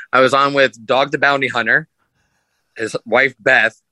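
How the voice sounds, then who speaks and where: A man's voice: mid-range voice, slow pace, no echo, low-quality recording. A man, a sideshow performer, telling rambling stories as a podcast guest and acting out what people said. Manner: rambling, animated, acts out quotes in raised voice. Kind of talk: casual storytelling.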